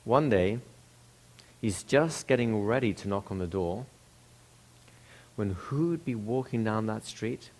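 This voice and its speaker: A man's voice: fairly low pitch, animated, slow, long pauses, a little mellow. A man telling a story in a casual, conversational way, with restarts and asides to the listener.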